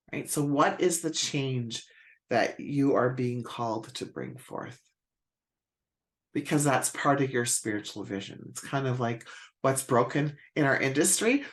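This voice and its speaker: A woman coaching a live online group, often asking reflective questions, trailing off with "right?" and searching for words as she goes. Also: a bass voice. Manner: encouraging, searching for words, asks many rhetorical questions; often adds a soft "right?" after points. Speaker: spiritual business coach. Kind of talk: live-stream coaching talk.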